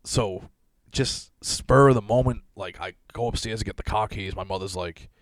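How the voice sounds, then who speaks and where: His voice is on the low side and moves at a normal speed, recorded dry. As host of a casual solo podcast, this man in his thirties tells a rambling story at his own expense, swearing and laughing frequently.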